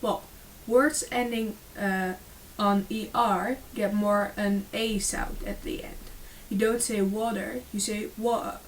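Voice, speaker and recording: A woman's voice: medium pitch, steady tone, slow pace, hardly any pauses. A woman reading a school presentation aloud, with frequent fillers and small restarts. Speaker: student presenter. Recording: distant mic with faint hiss.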